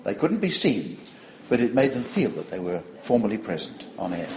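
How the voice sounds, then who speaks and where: A man's voice: on the low side, moderate pace, roomy sound, slight background noise, poor audio. An older man giving a public lecture, wry and digressive, telling stories to an audience. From Australia. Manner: wry, digressive, animated storytelling.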